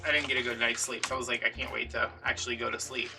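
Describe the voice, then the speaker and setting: A man casually telling a story while crafting at home, animated and chatty, acting out the other people in it. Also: medium pitch, racing, gravelly, far from the mic, music in the background. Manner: chatty, animated retelling with quoted dialogue. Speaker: vlogger.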